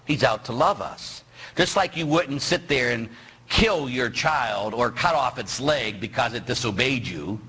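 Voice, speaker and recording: Brief: middle-aged male priest preaching, husky, bright voice, teasing, voices the people he quotes. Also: mid-range voice, expressive, a little slow, low-quality recording. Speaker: Catholic priest. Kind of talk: lively sermon.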